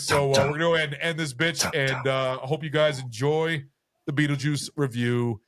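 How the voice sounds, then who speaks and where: A man's voice: medium pitch, steady tone, fairly quick, a bit bright, no echo. A tipsy man hosting a podcast, rambling casually with lots of fillers and swearing. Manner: loose, profane, rambling with fillers. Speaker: podcast host. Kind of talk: casual chat.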